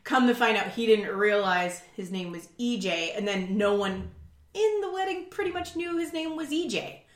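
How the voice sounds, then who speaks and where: A woman's voice: mid-range voice, lively intonation, moderate pace. Female podcast co-host, casual storyteller with dry asides, echoey room. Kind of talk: casual chat.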